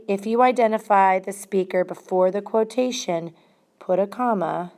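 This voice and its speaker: Woman teacher explaining grammar slowly. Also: mid-range voice. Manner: slow, deliberate explaining, stressing single words. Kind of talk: classroom grammar lesson.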